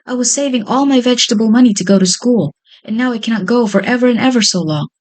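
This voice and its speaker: An earnest, polite young boy, a woodcutter's son, speaking in a light, slightly raised voice, as a woman storyteller puts him on. He sounds sincere and quick, like a boy in a storybook. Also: on the high side, a little mellow, pitched above the performer's own voice, close to an everyday voice.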